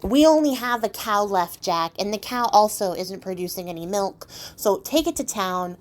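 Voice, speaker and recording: A woman's voice: mid-range voice, animated, moderate pace, close to an everyday voice. An exasperated farm mother, scolding her son and fed up with his blunders, voiced by a woman in a casual storybook retelling. She sounds like a plain everyday voice.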